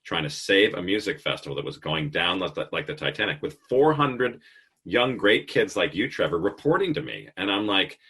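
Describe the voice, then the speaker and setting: Man in his fifties with a very low, husky voice, hosting a casual interview chat. He tells long stories with animated energy and drops the odd swear word. The tone stays loose and conversational throughout. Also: moderate pace. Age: 50s. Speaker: podcast host.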